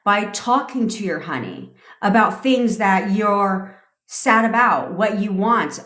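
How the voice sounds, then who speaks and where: A woman's voice: mid-range voice, lively intonation, slow pace, fairly bright tone, reverberant. A woman coaching viewers on a casual livestream, blunt and profane, laughing often. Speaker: manifestation coach. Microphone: phone or webcam.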